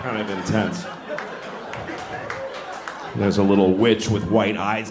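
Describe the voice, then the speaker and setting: A middle-aged man doing live stand-up, telling stories deadpan and jumping into high-pitched voices. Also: a little slow, pauses often. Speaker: stand-up comedian. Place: comedy club stage. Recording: echoey club with crowd noise.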